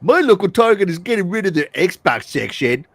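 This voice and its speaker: A man's voice: high voice, sing-song, moderate pace, dry recording, heavily acted. A man voicing a grumbling male internet troll as he reads out forum posts in an exaggerated way. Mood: mocking. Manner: exaggerated reading of online posts.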